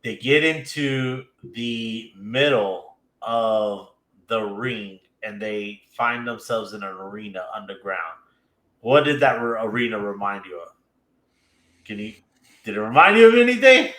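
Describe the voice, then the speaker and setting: A man's voice: on the low side, lively intonation, measured pace, fairly bright tone, echoey room. A man casually recapping an anime episode, retelling scenes with laughs and little acted-out quotes. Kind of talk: casual chat.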